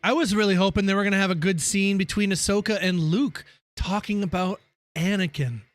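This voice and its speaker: Brisk and fairly even in intonation, this young man chats with his stream audience while gaming, opinionated and full of slang. His slightly high voice is captured close and dry, with no room sound at all.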